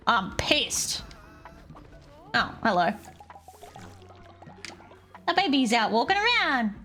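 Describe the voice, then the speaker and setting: A woman streamer giving live gameplay commentary, excitable and foul-mouthed, often talking straight to the characters in the game. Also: fairly high pitch, takes it slowly, pauses often. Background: faint game music.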